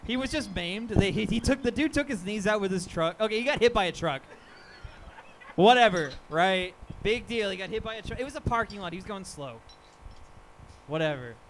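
A man's voice: high-pitched, expressive, fairly quick, slight background noise. A man co-hosting a live podcast show, telling a crude, self-mocking story in a rambling way at a live venue.

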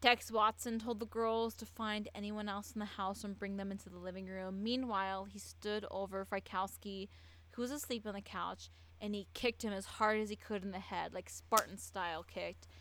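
A woman's voice: medium pitch, fairly even intonation, normal speed, a bit bright, poor audio. Tipsy woman, casual true-crime storytelling, rambling, stumbles over words, restarts sentences.

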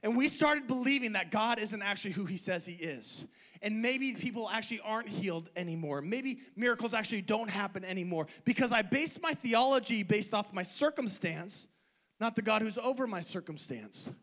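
A male pastor preaching a sermon, swinging between hushed, quiet moments and loud, excited preaching. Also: high-pitched, moderate pace, poor audio.

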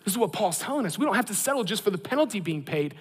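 Man preaching, high voice, animated storyteller, long hall echo. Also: very fast, husky. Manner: animated, self-deprecating storyteller. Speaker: pastor. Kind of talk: sermon with humorous storytelling.

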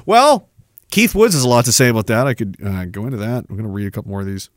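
A man hosting a livestream in a casual, rambling and profane way, quick to flare up and cursing between stretches of chatter. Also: fairly low pitch, lively intonation, no room sound, studio quality. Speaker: livestream host.

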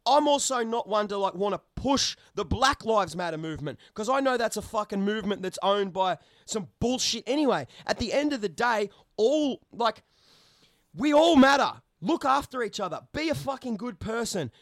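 A man's voice: high voice, animated, a little fast, hardly any pauses, fairly bright tone, no echo. A man ranting heatedly in a casual chat, swearing constantly and getting worked up. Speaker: podcast co-host.

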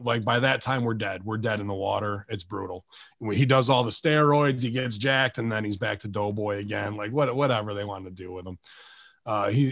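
A man's voice: mid-range voice, no echo, clean studio sound. An American man in casual podcast chat, ranting bluntly with lots of swearing and mocking impressions. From United States.

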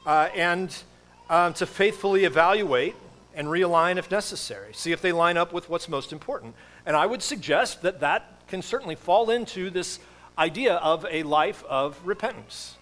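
A man's voice: high voice, expressive, moderate pace, a bit bright. A middle-aged man giving a sermon as pastor, in a casual, rambling way with many fillers and restarts.

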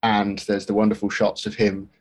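A man's voice: lowish voice, completely flat delivery, normal speed, slight background noise. A man co-hosting a podcast, talking casually about a film with many restarts and fillers. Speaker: podcast co-host.

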